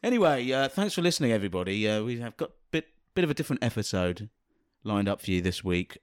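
A man's voice: lowish voice, big pitch swings, fast. A man hosting a podcast, arguing in casual, pedantic banter with plenty of swearing. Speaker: podcast host.

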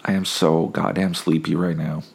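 A man's voice: low voice, level tone, moderate pace, vocal fry, husky. A sick young man hosting a casual solo podcast, telling wry, rambling stories while holding back coughs. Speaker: podcast host.

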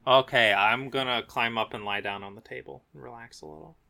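A man's voice: medium pitch, fairly even intonation, fairly quick, vocal fry, sharp tone. A man playing a tabletop game, laid-back and joking. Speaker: player.

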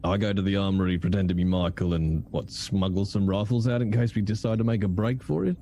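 A man's voice: low-pitched, quick pace, dark tone, slight background noise. A man playing a cocky, sardonic male character with a dry, sarcastic manner. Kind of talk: tabletop role-play voice acting.

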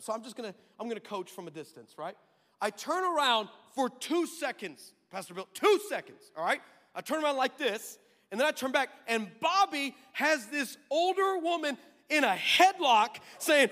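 A man preaching a sermon as pastor, telling a story in an animated way, acting out quotes and laughing often. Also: very high voice, a little fast. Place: large church hall. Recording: reverberant church hall.

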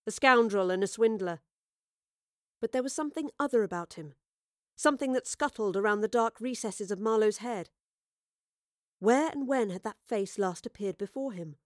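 A woman narrating a dramatic audio story in a measured, storytelling voice. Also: mid-range voice, lively intonation, no echo, clean studio sound.

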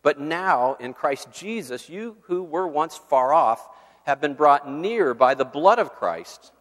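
A man's voice: a little high, expressive. Man preaching in a reverberant hall. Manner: earnest, measured Bible reading and prayer. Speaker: campus minister. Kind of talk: sermon.

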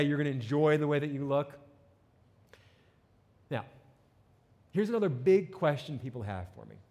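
A man from New Jersey with a slight New Jersey accent, preaching a sermon as pastor with animated, joking asides to the congregation. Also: a little high.

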